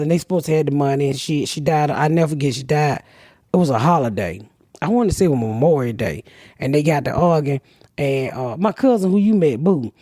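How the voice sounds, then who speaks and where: A woman in her fifties, a podcast host, telling profane stories with loud laughter. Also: low voice, no echo, studio quality. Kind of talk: casual storytelling chat.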